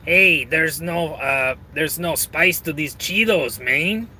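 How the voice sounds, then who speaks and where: Man putting on a janitor guy, blunt, casual, slightly higher voice. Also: slow pace, bright, forceful tone, slight background noise, full character voice. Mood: pleading. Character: male janitor pitching a spicy snack idea.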